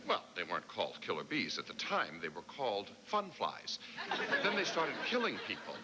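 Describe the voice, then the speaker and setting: A deadpan heavenly overseer. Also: male voice, fairly low pitch, normal speed. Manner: deadpan, dry. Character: wry male heavenly overseer, dry and stern. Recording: noisy VHS tape of a TV broadcast.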